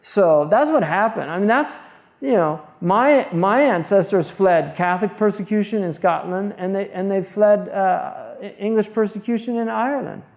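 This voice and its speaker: An Islamic scholar from the United States delivers an informal religious lecture, speaking bluntly and conversationally with many restarts and asides. His voice is high-pitched, gravelly, and somewhat dark, at a moderate pace.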